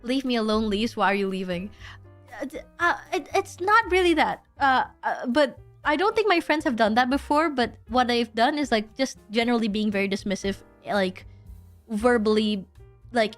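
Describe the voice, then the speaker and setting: Rambling young woman streamer, high voice. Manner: rambling, many restarts and self-deprecating asides. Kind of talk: casual livestream chat.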